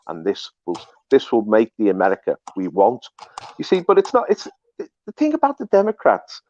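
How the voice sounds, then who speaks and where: A man's voice: fairly high pitch, a little mellow, no room sound. A man hosting political commentary, talking emphatically and repeating himself. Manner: emphatic, repetitive, restarts often. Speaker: host. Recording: dull dry lo-fi recording.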